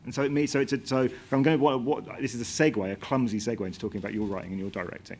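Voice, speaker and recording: A man interviewing a guest on stage, asking thoughtful questions with quick restarts and self-corrections. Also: mid-range voice, steady tone, a little mellow, a little hiss or hum. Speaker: interviewer, season curator. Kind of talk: onstage interview.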